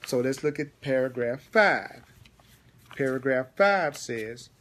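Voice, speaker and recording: A man's voice: mid-range voice, animated, fairly bright tone. Emphatic man giving a spiritual lesson. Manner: repetitive, emphatic, slows down deliberately when reading; answers viewers' comments by name. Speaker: spiritual teacher. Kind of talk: live-streamed spiritual teaching.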